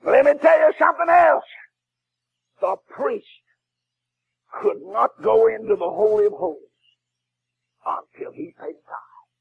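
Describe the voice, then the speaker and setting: Husky high-voiced preacher shouting. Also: male voice, very animated, unhurried, long pauses, lo-fi sound. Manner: shouting, preaching cadence with crying emphasis. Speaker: Baptist preacher. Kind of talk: fiery sermon.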